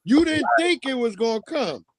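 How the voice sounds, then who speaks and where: A man with a Long Island New York accent, chatting casually and profanely on a livestream, telling animated stories. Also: very high voice, moderate pace, no echo. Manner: loose, profane, animated storytelling.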